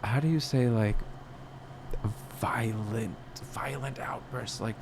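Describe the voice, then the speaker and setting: A man's voice: medium pitch, slow, vocal fry, noisy background. A young man talking alone on a podcast in a rambling, self-questioning way, full of restarts and fillers. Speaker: podcast host. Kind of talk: personal reflective monologue.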